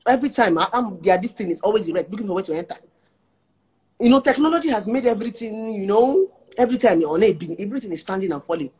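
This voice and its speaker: A woman with a Nigerian accent speaks as a talk show guest, chatting candidly. Her voice is slightly husky and sits at a middling pitch for a woman. She tells personal stories with lively, laughing energy. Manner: animated, frank, laughs while telling stories. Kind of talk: casual chat and personal storytelling.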